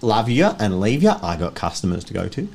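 A man's voice: lowish voice, sing-song, a little fast, vocal fry, noisy background. A man voicing a shady, smarmy male street peddler with slick sales patter in a tabletop game.

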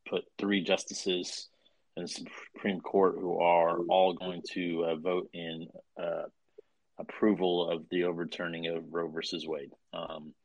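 A man with a very low, husky voice explains his views in a measured way, pausing often on fillers. The recording is dry and close to the mic. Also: darkish tone, no echo. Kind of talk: casual political chat.

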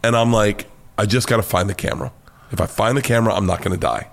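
An American man, a comedian guest, telling a wild story with lots of swearing and high-pitched acted-out quotes. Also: quick pace, creaky. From United States. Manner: excitable, swears freely, acts out quotes in a high voice. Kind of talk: animated storytelling.

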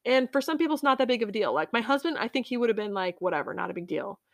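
A woman's voice: on the high side, animated, no echo. Earnest woman on a faith podcast. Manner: earnest and heartfelt, with frequent pauses and fillers. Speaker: podcast host. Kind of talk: personal faith reflection.

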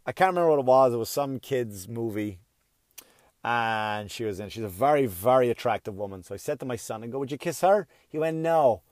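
A middle-aged man hosting his own podcast, delivering a loud, profane comedic rant. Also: mid-range voice, a little fast, no echo, studio quality.

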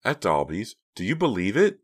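A resentful teenage girl voiced by a man in an audiobook reading. She speaks heatedly and bitterly, pitched well above the reader's own deep voice. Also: huge pitch swings, normal speed, slightly rough, exaggerated voice.

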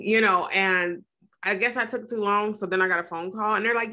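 A woman's voice: mid-range voice, sing-song, brisk, bright, forceful tone. A woman hosting a podcast interview, chatty and storytelling, laughing easily. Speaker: podcast host.

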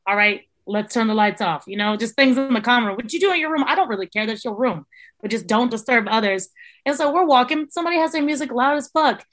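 A young woman, a podcast guest, telling a story in casual chat, animated and swearing freely as she acts out quotes. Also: fairly high pitch, fast talker. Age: young adult. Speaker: podcast guest, former resident assistant.

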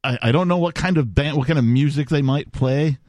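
A man's voice: fairly high pitch, a little fast, darkish tone, dry recording, clean studio sound. A man hosting a talk radio show, chatting casually with lots of laughter and fillers. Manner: laughs often, rambling with filler words. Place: radio studio.

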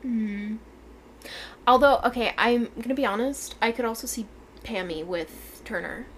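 A woman's voice: a little high, measured pace, a little hiss or hum. A woman co-hosting a book club podcast in casual chat. She is chatty, laughs often and fills her talk with ums and likes.

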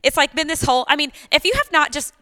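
A woman's voice: sits high, fast. A woman chatting casually as a podcast co-host, gushing and giggly as she tells stories. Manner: giggly, gushing, animated storytelling. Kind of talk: casual chat.

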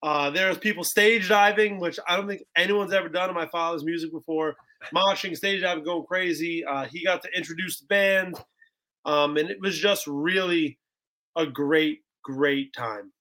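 Bright-voiced young man, excitable and chatty. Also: on the high side, normal speed. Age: 20s. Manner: excitable, full of "bro" and "like". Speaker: guest musician. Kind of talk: casual podcast chat.

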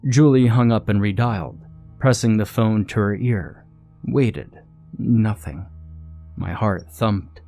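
A man reading a first-person horror story in a steady, measured way. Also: lowish voice, vocal fry, soft background music. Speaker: narrator. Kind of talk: scripted horror story narration.

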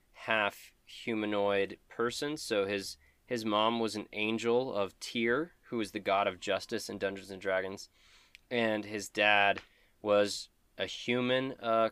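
A man with a smooth, resonant voice and a fairly low pitch talks through his character for a tabletop game. He rambles a little and uses fillers as he goes. The sound is close and dry. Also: no room sound. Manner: relaxed, rambling explanations with fillers. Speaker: player. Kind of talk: casual tabletop character introduction.

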